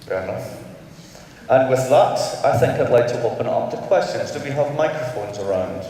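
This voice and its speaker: Male moderator, mid-pitched, wordy questions, far from the mic, long reverb. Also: expressive, moderate pace, dark tone, a little hiss or hum. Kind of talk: conference panel moderating. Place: large conference hall. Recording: echoey hall from far off.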